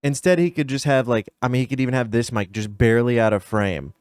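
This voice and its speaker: A man's voice: medium pitch, fast, darkish tone, clear, resonant tone, dry recording, studio quality. A man streaming a casual reaction to a video, nitpicky and emphatic as he talks straight to his viewers.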